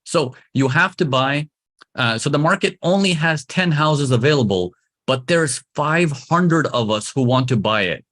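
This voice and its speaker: A man's voice: a little high, expressive, measured pace, fairly bright tone. A man teaching trading to a live audience, emphatic and repetitive, coaxing his listeners along. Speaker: trading instructor.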